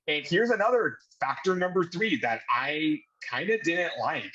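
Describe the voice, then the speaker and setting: A man from the United States hosting a casual wrestling review chat, excitable and swearing freely. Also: fairly high pitch, normal speed, hardly any pauses, slightly rough, poor audio. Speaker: podcast host.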